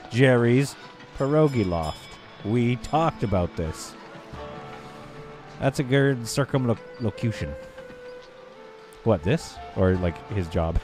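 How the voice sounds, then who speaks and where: Over background music, a man with a fairly low voice and lively intonation streams a game, rambling and joking with his viewers. He stumbles through bits of French in a halting, self-correcting way.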